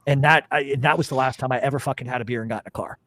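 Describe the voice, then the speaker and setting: A middle-aged man hosting a podcast, telling stories in a profane, animated casual chat. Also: medium pitch, rapid-fire, no room sound. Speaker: podcast host.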